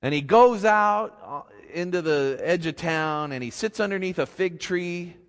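Man pastor, folksy storyteller, slow and animated, big reverberant church. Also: sits high. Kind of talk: sermon. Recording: long reverb in a big hall.

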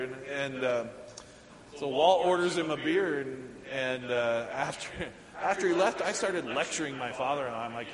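A man's voice: mid-range voice, normal speed, crowd noise. A middle-aged male pastor giving a casual, conversational sermon with frequent chuckles and fillers. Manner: casual and conversational, laughs often, many fillers. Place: church sanctuary. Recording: echoey church hall.

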